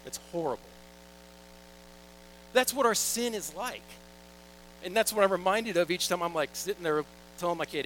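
A young man delivers a sermon in a relaxed, conversational way, mixing scripture readings with jokey stories. His voice sits a little high for a man. A faint electrical hum runs under the recording. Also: fairly quick, pauses often, low-quality recording. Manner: conversational, jokey storytelling with quoted asides. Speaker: pastor.

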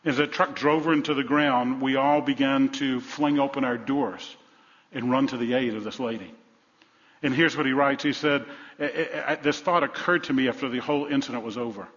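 Preaching pastor in a reverberant church. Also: male voice, medium pitch, steady tone, moderate pace. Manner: preaching with dynamic swings from loud to hushed; repeats phrases for emphasis. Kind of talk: sermon. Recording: reverberant hall, dull sound.

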